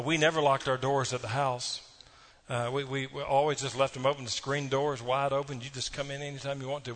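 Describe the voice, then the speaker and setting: A man's voice: medium pitch, fairly bright tone. Folksy preacher man. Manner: folksy storytelling with audience asides. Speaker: pastor. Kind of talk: sermon.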